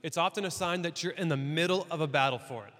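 A man preaching a sermon in a church, talking in a conversational, animated way. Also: a little high, quick pace, big-room sound. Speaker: pastor.

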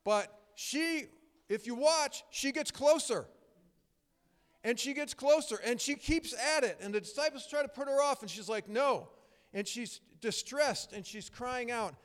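A man's voice: very high voice, a little slow, clean tone. A middle-aged man preaching a sermon, conversational and emphatic, telling stories with frequent restarts. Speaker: pastor. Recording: long hall reverb.

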